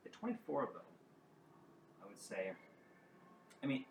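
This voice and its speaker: Low-voiced man narrating a tabletop game. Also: huge pitch swings. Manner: halting descriptive narration with many restarts. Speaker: game master. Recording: roomy, distant mic with clear background noise.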